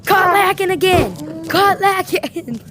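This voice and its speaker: Woman voices a cheeky house cat, high and lively, teasing slang, slow delivery, noisy home recording. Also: heavily acted. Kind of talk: comic voice-over for a pet video.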